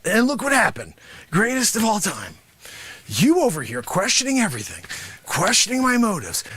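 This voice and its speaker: A man playing a brash, greedy karate sensei who shouts, hard-sells and scolds his class in an improvised comedy bit. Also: extremely high pitch, no room sound, exaggerated voice. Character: brash loud-mouthed male karate sensei, greedy and bossy. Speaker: host. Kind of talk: improvised comic character monologue.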